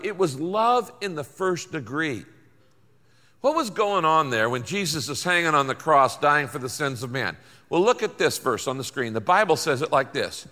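A man's voice: a little high, lively intonation, normal speed, pushed and bright, big-room sound. An older man preaching a sermon, folksy and emphatic, with lots of repetition. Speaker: pastor.

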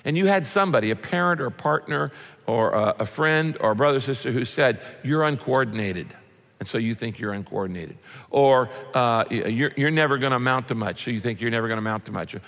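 A man preaches a sermon in a mid-range voice that rings with long reverb through a large hall. He is earnest, climbing to loud emphatic peaks and then sinking to low, quiet lines. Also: expressive, quick pace, vocal fry. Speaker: pastor.

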